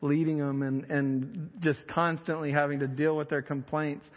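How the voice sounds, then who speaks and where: A man's voice: a little high, flat delivery, moderate pace. A male pastor preaching a sermon in a conversational, emphatic storytelling way in a church hall. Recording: echoey hall, slightly dull sound.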